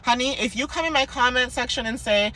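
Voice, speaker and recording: A woman's voice: high-pitched, a little fast, pushed and bright. A young woman giving a casual spiritual card reading in a chatty, playful, sassy way, laughing often. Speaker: oracle card reader.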